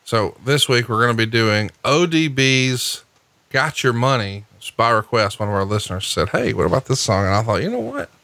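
A man hosting a podcast in casual banter, teasing and needling his co-host with deadpan jabs. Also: mid-range voice, moderate pace, dry recording.

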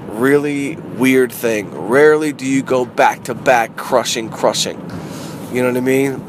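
A middle-aged man, a comedian, talking casually in a car in a rambling, animated way that repeats phrases. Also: mid-range voice. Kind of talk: casual car vlog monologue. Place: inside a parked car. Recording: noisy street ambience.

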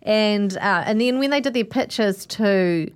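A woman co-hosting a casual chat show, blunt and quick to laugh. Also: medium pitch, clean tone. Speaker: podcast co-host.

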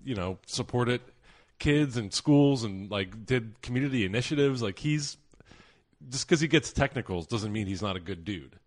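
A man's voice: medium pitch, expressive, normal speed. A man co-hosting a podcast in casual sports chat, hedging and thinking aloud as he makes his point. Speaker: podcast co-host.

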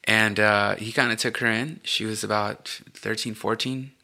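A man co-hosting a podcast, telling his own life story in a halting, reflective way with many fillers. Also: lowish voice, fairly even intonation, vocal fry, sharp tone. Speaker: podcast co-host. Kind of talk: candid personal storytelling.

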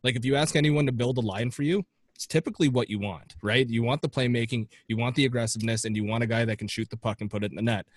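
A man's voice: medium pitch, quick pace, dry recording. Male guest on a sports podcast, chatty analyst, dry close sound. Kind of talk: casual sports chat.

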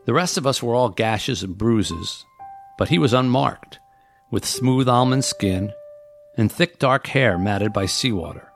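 A man, the author, reading the opening of his novel aloud and then explaining its premise in an earnest, measured storytelling manner. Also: lowish voice.

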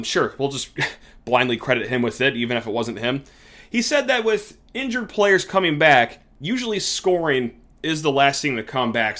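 A man's voice: mid-range voice, a bit bright. A man hosting a sports podcast, talking casually and joking, sometimes with sarcasm. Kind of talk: casual sports talk commentary.

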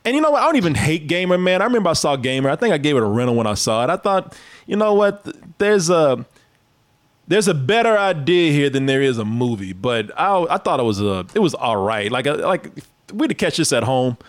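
A man in casual, profane conversation about movies, animated and quick to laugh. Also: on the high side. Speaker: podcast co-host. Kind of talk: casual movie-review chat.

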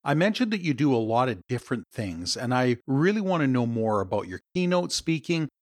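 A man from Canada hosts a podcast interview, recounting a story before welcoming his guest. His voice sits at a middle pitch. The recording is close and dry, with no room sound. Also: very animated, fairly quick, no echo. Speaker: podcast host.

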